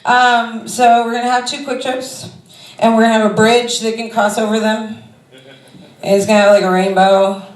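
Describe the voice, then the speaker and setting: A woman's voice: fairly high pitch, level tone, moderate pace. Rambling woman comic in an echoey club. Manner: rambling, conversational, with many fillers. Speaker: stand-up comedian. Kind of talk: stand-up comedy set. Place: comedy club stage before a crowd. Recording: roomy club sound from a distance.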